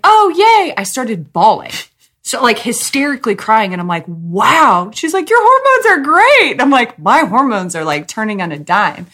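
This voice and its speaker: A woman's voice: fairly low pitch, a bit bright. A woman hosting a podcast, talking openly and emotionally with her partner in casual chat. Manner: open, emotional, talks in quick bursts. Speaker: podcast host.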